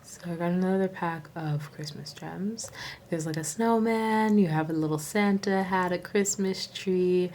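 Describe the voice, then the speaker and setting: Chatty woman with a slow, lowish voice. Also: slight background noise. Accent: Southern US. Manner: chatty, filler-heavy, bursts into gasping excitement. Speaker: nail vlogger. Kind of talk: casual haul video chat.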